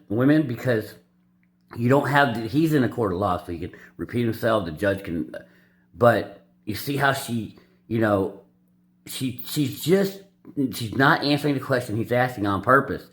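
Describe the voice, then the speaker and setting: A man commenting casually over a court clip, in halting asides with frequent restarts. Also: mid-range voice, fairly bright tone. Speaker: channel host commenting on a clip.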